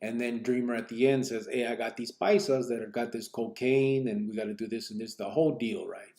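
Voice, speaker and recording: A man recounts a story his past in loose street slang, trailing off with plenty of fillers. His voice is gravelly and dark, and it jumps higher and louder when he quotes what others said. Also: steady tone, brisk. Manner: acts out other people's lines in a raised voice. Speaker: podcast host telling his life story. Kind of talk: casual spoken storytelling.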